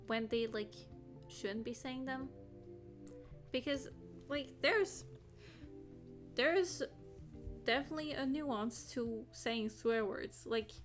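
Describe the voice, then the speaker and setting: A woman's voice: fairly high pitch, a bit bright. A woman guest chatting casually about a series, speaking hesitantly with fillers. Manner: slow, hesitant, laughs easily. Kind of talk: casual video discussion.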